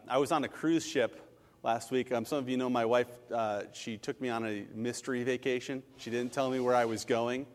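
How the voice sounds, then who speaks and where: A middle-aged man, a pastor, preaching a sermon with animated, jokey personal stories. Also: medium pitch, big-room sound. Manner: animated, jokey storytelling with laughs and asides.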